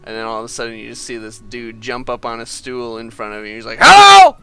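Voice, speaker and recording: A man's voice: mid-range voice, monotone, fast talker, sharp tone, faint music behind. A man narrating as game master of a tabletop game, rambling casually with lots of "like". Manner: rambling, full of "like" and laughter.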